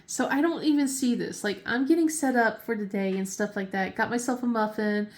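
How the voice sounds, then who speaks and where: A woman's voice: a little high, brisk. A woman in her thirties hosting a casual crafting chat from her home desk, giggly and chatty with many fillers and restarts. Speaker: craft channel host.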